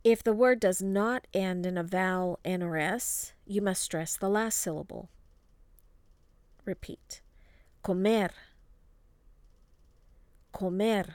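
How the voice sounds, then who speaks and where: Woman teacher, scripted lesson, slow deliberate delivery, dry close mic. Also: mid-range voice, a little mellow, no echo. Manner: slow, clear model pronunciation for repeating. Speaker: language teacher.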